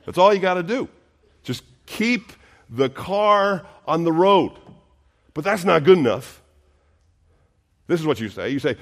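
A man's voice: fairly high pitch, big pitch swings, measured pace, long pauses. A male pastor preaching a sermon, earnest and emphatic, full of rhetorical questions.

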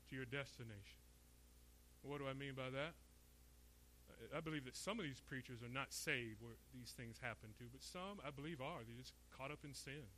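A man's voice: fairly high pitch, sharp tone, a little hiss or hum. A middle-aged man from Florida preaching a sermon with emphasis, asking rhetorical questions and voicing imagined speakers. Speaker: pastor. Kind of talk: expository sermon.

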